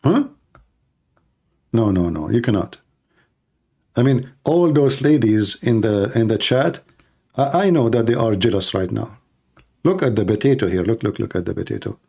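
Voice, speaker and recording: A man's voice: fairly low pitch, lively intonation, moderate pace, creaky, long pauses, a little mellow, husky. A man hosting a teasing, joking live-stream cooking chat. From Middle East. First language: Arabic. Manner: teasing, joking, laughing at own jokes.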